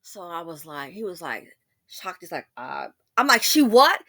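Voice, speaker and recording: A woman's voice: deep voice, lively intonation, normal speed, bright, forceful tone, no echo, clean studio sound. A woman hosting a casual commentary, talking straight to her listener in a sassy, outspoken way. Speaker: commentary channel host.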